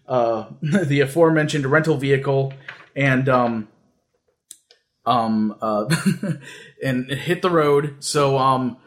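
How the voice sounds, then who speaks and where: A man's voice: medium pitch, takes it slowly, long pauses. A man hosting a casual podcast, telling a story in a rambling, joking way with lots of fillers and restarts. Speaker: podcast host.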